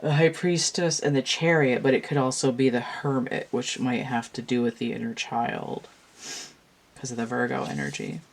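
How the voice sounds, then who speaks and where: A woman's voice: extremely low pitch, lively intonation, moderate pace, vocal fry. A tired, yawning woman reading tarot cards to a camera at home, musing aloud and meandering with restarts in a casual monologue. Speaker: tarot reader.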